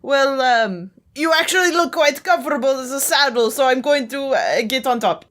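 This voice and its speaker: A woman's voice: high voice, lively intonation, moderate pace, fairly bright tone. A woman voicing a flustered male assassin who hesitates constantly and startles easily. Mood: awkward. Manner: hesitant, full of ums, panics easily.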